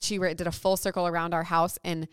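Chatty woman with a smooth low voice. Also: level tone, fast talker, dry recording, clean studio sound. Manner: rambling storytelling with many likes. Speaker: podcast co-host. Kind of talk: casual chat.

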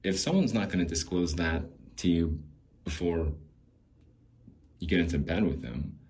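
A man with a very low voice talks alone on his podcast in a loose, rambling monologue. He restarts sentences, leans on filler words and swears casually. He laughs between thoughts as he drifts from one point to the next. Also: a little slow, darkish tone. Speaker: podcast host.

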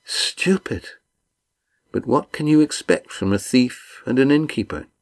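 A man's voice: mid-range voice, animated, creaky, a little mellow, pitched above the performer's own voice. A man doing a cold, sneering sea captain. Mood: cold menacing. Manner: sneering, drawn-out threats. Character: menacing ship captain, cold and mocking.

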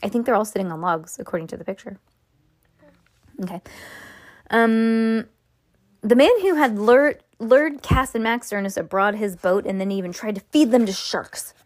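A woman's voice: medium pitch, animated, normal speed, no echo. A woman reading a chapter book aloud to a child at home, stopping for asides, restarts and laughs. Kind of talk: casual read-aloud of a novel.

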